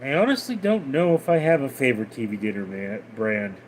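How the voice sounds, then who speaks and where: A man hosting a casual livestream, reading out viewer messages and replying in a deadpan way. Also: mid-range voice, a little fast, a little hiss or hum. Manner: reads out viewer names and messages, deadpan replies. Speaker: livestream host reading chat.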